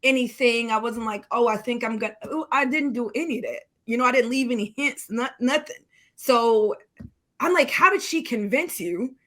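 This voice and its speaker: A woman's voice: a little high, normal speed. A woman guest telling a personal story in casual conversation, acting out the quoted dialogue animatedly in a raised voice.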